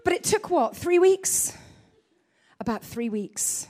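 A woman's voice: very high voice, sing-song, slow, a little mellow. A woman preacher giving a sermon, telling a story about herself with self-mocking humor.

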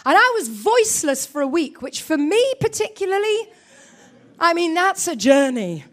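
A woman preacher with a very high voice delivers a sermon in an animated, emphatic way. She acts out her own quoted thoughts and often calls out questions to the congregation. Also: moderate pace.

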